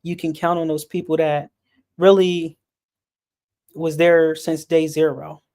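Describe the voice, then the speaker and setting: Guy talking earnest on a stream, kinda high voice, pretty flat tone, says and and and a lot. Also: measured pace. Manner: earnest, repeats words while searching for them. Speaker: speaker on a sports and mental health stream. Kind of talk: earnest personal talk.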